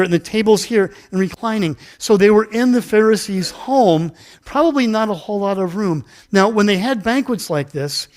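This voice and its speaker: A male pastor giving a casual, interactive sermon in a church, chatty and self-deprecating, acting out a Bible story with volunteers. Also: high voice. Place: church sanctuary.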